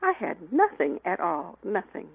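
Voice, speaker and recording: Gravelly-voiced woman on a phone line. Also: fairly low pitch, normal speed, no room sound. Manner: lively anecdotes with frequent laughs and restarts. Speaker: guest. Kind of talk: storytelling in an interview. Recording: tinny phone line, dry.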